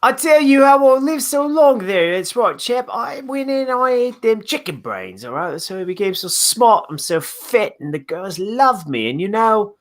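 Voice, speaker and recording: A man's voice: high-pitched, big pitch swings, normal speed, hardly any pauses, pitched above the performer's own voice. A man putting on a boastful old Australian man whose accent drifts toward British, as a comic bit on a radio show.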